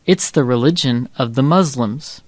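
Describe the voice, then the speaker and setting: A man reads the part of a patient father in a textbook listening dialogue, explaining things calmly to his child. His voice sits at an ordinary middle pitch. The recording is dry, with no room sound. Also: normal speed, no room sound, natural voice. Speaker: textbook audio actor.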